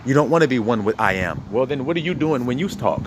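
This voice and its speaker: A man preaching an informal sermon in an animated, conversational way, often asking his listeners rhetorical questions. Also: mid-range voice, fast talker, noisy background.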